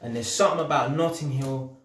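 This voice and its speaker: A man's voice: mid-range voice, brisk, reverberant, a little hiss or hum. A young man from North London with a London accent, telling stories casually to camera in slangy street talk. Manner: slangy, animated, acts out voices in quotes. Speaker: vlogger.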